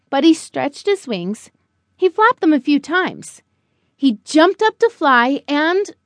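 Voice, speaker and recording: A woman narrating a children's storybook in a slow, expressive, animated way. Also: high voice, no room sound. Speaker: audiobook narrator.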